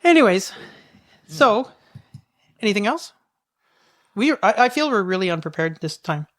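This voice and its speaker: A middle-aged woman co-hosting a podcast, telling a childhood farm story in a casual, animated way. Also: mid-range voice, moderate pace. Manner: animated storyteller, shrieks when quoting her mother. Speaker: podcast co-host.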